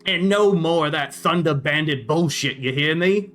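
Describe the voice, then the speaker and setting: A man's voice: fairly high pitch, moderate pace, a bit bright, faint music behind, natural voice. A man voicing a small, brusque jailbreaker who bosses an old friend around in a tabletop game. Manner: bossy, scolding.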